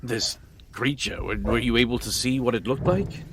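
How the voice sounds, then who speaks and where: A man's voice: medium pitch, normal speed, fairly bright tone, close to an everyday voice. A man voicing a fussy, anxious town mayor who gushes and frets in formal phrases over faint hiss. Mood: flustered. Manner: flustered, gushing, formal.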